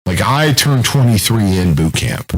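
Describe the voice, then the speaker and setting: A man in his thirties co-hosting a casual podcast chat, telling stories in a profane, animated way. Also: lowish voice, measured pace, rough recording. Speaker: co-host.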